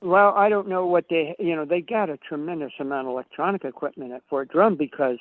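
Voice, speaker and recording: A man guest with a slightly high voice tells rambling stories on a podcast. He swears freely and acts out what everyone said. His voice comes through a tinny, phone-like line with a dry sound. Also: a little fast, dry recording. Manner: profane, acts out quoted dialogue. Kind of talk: casual storytelling chat.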